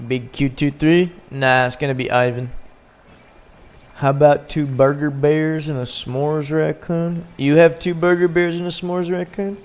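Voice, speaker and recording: A man's voice: fairly high pitch, flat delivery, measured pace. A man hosting a casual gaming livestream, chatting loosely with his viewers while he plays. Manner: laid-back, chatting with viewers while playing. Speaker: livestream host.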